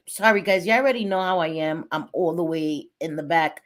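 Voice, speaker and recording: A woman's voice: deep voice, fairly quick, few pauses. A middle-aged woman hosting a casual livestream, chatting bluntly, swearing freely and greeting viewers by name. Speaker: livestream host.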